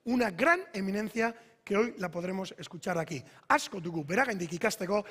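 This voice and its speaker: A man's voice: high-pitched, expressive, fast, a bit bright, slightly rough. A man, formally introducing a guest speaker on stage. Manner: formal, building up to applause. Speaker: event host. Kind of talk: formal stage introduction, switching between Basque and Spanish. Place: large conference hall. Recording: long hall reverb.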